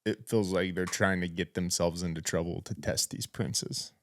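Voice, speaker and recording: A man's voice: low voice, moderate pace. A young man co-hosting a podcast, chatting casually and laughing often as he riffs on jokes. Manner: animated, jokey, laughs often. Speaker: podcast co-host. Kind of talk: casual chat.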